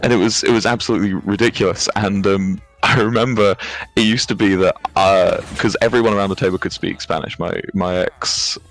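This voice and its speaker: A man's voice: low voice, steady tone, a little fast. A young man with an English accent chatting casually, rambling through anecdotes with frequent laughter and casual swearing. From England. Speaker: streamer telling stories. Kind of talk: casual chat.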